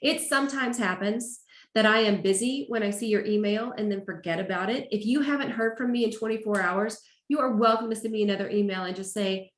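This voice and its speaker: A woman college instructor walking students through her course in a relaxed, chatty way, with fillers. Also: mid-range voice, fairly quick, roomy sound. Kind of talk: casual course walkthrough.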